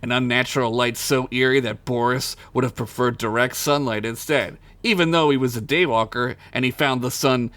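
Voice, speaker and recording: A man's voice: mid-range voice, moderate pace, few pauses, a bit bright, dry recording. A man reading his own crude comic story aloud for a podcast, giggling at his jokes and tripping over made-up names. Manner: stumbles over invented names.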